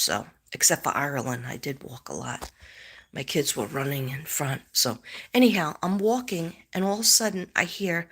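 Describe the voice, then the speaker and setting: A woman's voice: low voice, a bit bright, slightly rough. A middle-aged woman chatting casually on a live stream as a psychic host, rambling as she retells a story.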